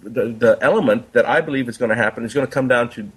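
This guest, a doctor, earnestly narrates a parable in a conversational way, including quoted dialogue. His voice has a medium pitch and a breathy edge, and he talks at a quick pace.

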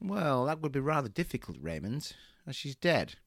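A man playing a male counsellor who switches from a soft, patient manner to booming revival-preacher exorcism in a comedy sketch. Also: sing-song, normal speed, creaky, no room sound, studio quality, heavily acted. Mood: calm, patient.

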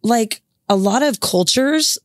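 A woman's voice: fairly high pitch, slow pace, no echo, clean studio sound. Chatty laughing woman co-hosting a podcast. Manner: chatty, laughs often, animated storytelling. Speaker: podcast co-host. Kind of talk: casual chat.

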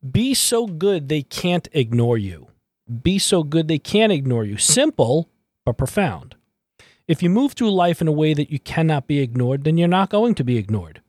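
A man's voice: a little high, darkish tone, dry recording, clean studio sound. A man hosting his own motivational podcast as a mindset coach, talking emphatically and repeating key phrases for emphasis.

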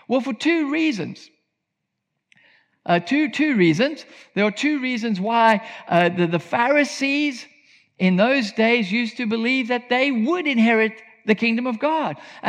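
A man's voice: extremely high pitch, a bit bright. A man preaching a sermon in an earnest, emphatic teaching tone. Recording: long reverb of a large hall.

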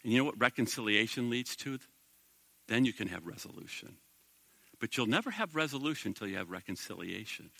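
A middle-aged male pastor preaching a sermon in a conversational, animated way, full of rhetorical questions to the congregation. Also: mid-range voice, fairly quick, vocal fry, dry recording.

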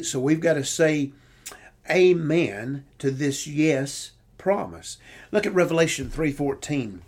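Male preacher, unhurried sermon delivery, emphatic repeats, middle pitch. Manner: slow emphatic preaching, reads scripture aloud, repeats phrases.

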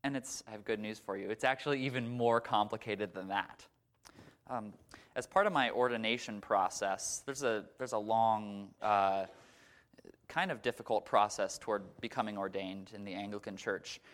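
A man's voice: lowish voice, moderate pace, a bit bright. A man giving a sermon as a pastor, telling stories in a conversational way with a few fillers. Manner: conversational storytelling, some fillers.

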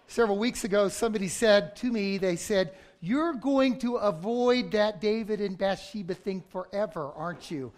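A middle-aged male pastor preaching a conversational sermon that breaks into sudden loud outbursts. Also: high voice, normal speed, few pauses.

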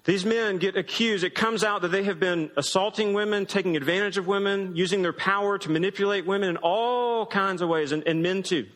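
A man's voice: sits high, fairly quick, hardly any pauses, a bit bright. A man pastor preaching a sermon in a conversational, emphatic way. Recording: long hall reverb.

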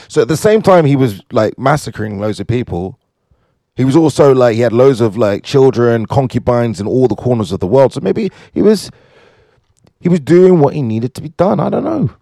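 A man casually reading out fun facts, joking and riffing on them in quick asides. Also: mid-range voice, creaky, no echo. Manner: animated, jokey, asides to himself. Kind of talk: casual fun-fact commentary.

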